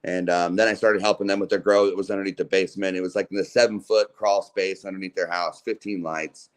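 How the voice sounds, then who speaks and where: This podcast guest from Utah has a low, steady voice and talks quickly. He spins long, casual stories in a relaxed, slangy way, packed with "like" and swearing.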